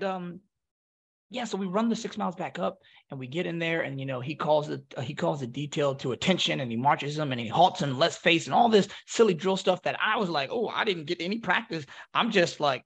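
A man from North Philadelphia tells stories as a podcast guest, with a gravelly, creaky edge to his voice. He pitches a little high for a man and slips into the voices of the people he quotes. His delivery is casual and lively. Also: brisk. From North Philadelphia, USA. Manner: animated, acts out quoted voices. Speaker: podcast guest, former Marine. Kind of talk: casual storytelling.

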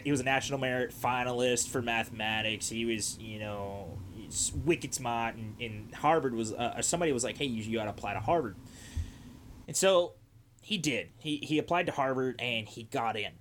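A man's voice: mid-range voice, fairly quick, fairly bright tone, slight background noise. A man hosting a podcast, telling a story in a casual, rambling way with lots of fillers and restarts. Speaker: podcast host.

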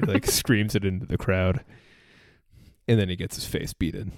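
A man's voice: sits low, steady tone, moderate pace, long pauses, no echo, clean studio sound. A man in a casual podcast chat, eagerly reeling off sports statistics and tripping over his own words. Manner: rattles off statistics eagerly, stumbling and restarting.

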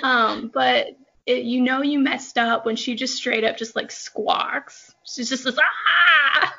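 A woman who calls herself soft-spoken and timid, chatting in a casual podcast conversation as a horse-riding guest, with many fillers. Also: a little high, level tone, unhurried, creaky, highs cut off.

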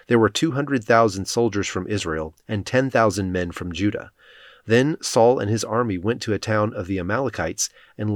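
Low-voiced man reading scripture. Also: dry recording, clean studio sound. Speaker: scripture reader.

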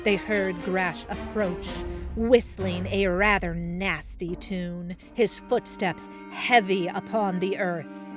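A woman narrating a children's story in a slow, expressive manner. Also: medium pitch. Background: soft soundtrack music.

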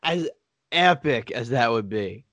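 A man co-hosting a casual chat, animated and playfully teasing. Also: mid-range voice, slow, no echo. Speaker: podcast co-host. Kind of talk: casual chat about shows.

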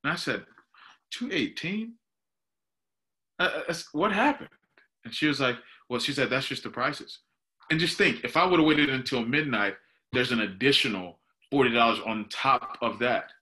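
Young guy, very bright voice, animated storyteller, podcast co-host. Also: mid-range voice, moderate pace. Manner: animated, laughing, says "dude" and "bro". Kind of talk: casual storytelling chat.

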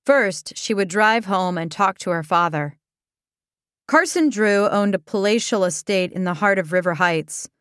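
A woman narrating a comic story in a level, deadpan read. Her voice sits at an ordinary middle pitch. The sound is close and dry, with no room around it. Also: unhurried, no room sound. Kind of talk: reading a comic story aloud.

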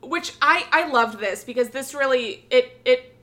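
A woman's voice: sits high, measured pace, fairly bright tone. A young woman co-hosting a podcast, recapping episodes in casual chat and acting out characters' lines with lots of swearing and laughter. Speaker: podcast co-host.

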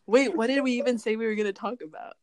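A woman's voice: a little high, steady tone, fast talker, darkish tone, a little hiss or hum. A teenage girl chatting casually as a student podcast co-host, giggly and swearing a lot. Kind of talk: casual chat.

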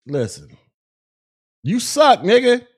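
A man's voice: extremely high pitch, wildly swooping pitch, takes it slowly, slightly rough. A male podcast host on a live stream, ranting in a profane, mocking way at critics.

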